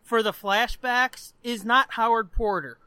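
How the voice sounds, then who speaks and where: A man's voice: very high voice, measured pace, pushed and bright, smooth, no room sound. A man co-hosting a podcast who rants about a comic book in emphatic, profane casual chat. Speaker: podcast co-host.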